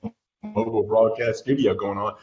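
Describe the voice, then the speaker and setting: Low-voiced host in an echoey room. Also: male voice, steady tone, brisk, crowd noise. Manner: rambling questions with many fillers. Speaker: show host. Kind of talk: casual interview chat. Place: home studio setup. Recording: roomy dull lo-fi audio.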